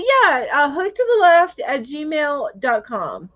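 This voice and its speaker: A talkative woman hosts a casual crochet livestream and reads out viewer comments. Her voice sits a little high and swoops widely as she thinks aloud. The sound is dull and lo-fi. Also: big pitch swings, slow, fairly bright tone. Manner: chatty, thinks aloud, laughs easily. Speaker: host of a crochet live chat.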